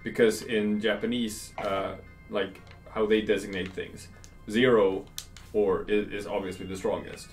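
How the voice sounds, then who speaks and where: Lower-voiced gamer explaining. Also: male voice, level tone, unhurried, far from the mic, soft background music, poor audio. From Sweden. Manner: explaining, chatty. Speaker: let's play host. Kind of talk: casual gameplay commentary.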